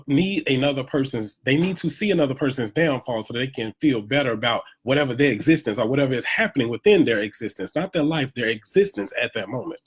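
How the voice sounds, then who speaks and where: A man delivers an animated motivational pep talk from home, leaning on repeated lines to drive his points. His voice has a husky, slightly rough edge at a middling pitch. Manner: preachy, animated, repeats phrases for emphasis. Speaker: motivational live streamer. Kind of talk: casual motivational monologue.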